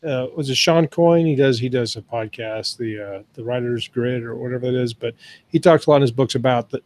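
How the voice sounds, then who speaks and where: A man's voice: medium pitch, fairly quick, a little mellow. A man talking casually on a podcast, thinking ideas through aloud at length. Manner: thoughtful, explains ideas at length.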